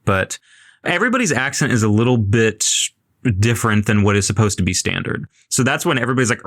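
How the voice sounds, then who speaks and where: A man's voice: medium pitch, lively intonation, fairly quick, fairly bright tone. A man co-hosting a podcast in casual chat, easygoing and drifting into musing tangents. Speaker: podcast co-host.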